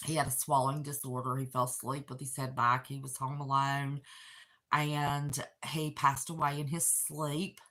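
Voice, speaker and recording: Bright-voiced emotional woman in her 60s. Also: very deep voice, level tone, moderate pace. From West Virginia. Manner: emotional, chatty, calls viewers sweetheart. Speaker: channel host. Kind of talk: casual livestream chat. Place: apartment.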